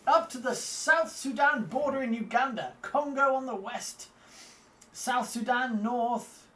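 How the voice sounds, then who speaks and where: A man's voice: very high-pitched, bright, forceful tone, echoey room, recorded from a distance, pitched above the performer's own voice, heavily acted. A man putting on a posh, pompous explorer. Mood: boastful. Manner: slow, drawn-out, condescending. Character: posh pompous male explorer boasting of travels.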